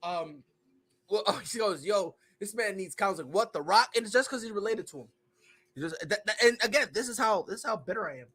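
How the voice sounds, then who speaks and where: Bright-voiced man ranting on a podcast. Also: high-pitched, a little fast, breathy edge. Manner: ranting, joking, animated. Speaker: podcast host. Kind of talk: casual sports chat.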